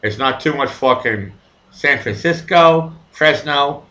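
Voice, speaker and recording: A man's voice: on the high side, slow, sharp tone. A man hosting a casual live chat show, rambling and stammering through crude jokes.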